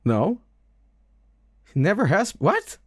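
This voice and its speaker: A man's voice: high-pitched, huge pitch swings, very slow, dry recording, studio quality. A man streaming casual chat, rambling and stammering with lots of swearing and laughing.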